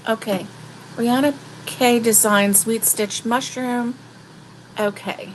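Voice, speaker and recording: A woman's voice: on the high side, fairly even intonation, slow, a little hiss or hum. A woman hosting a casual crochet livestream. She chats with viewers and rambles with lots of fillers. She sounds a little sleepy. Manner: chatty and rambling, with many fillers; talks to viewers directly.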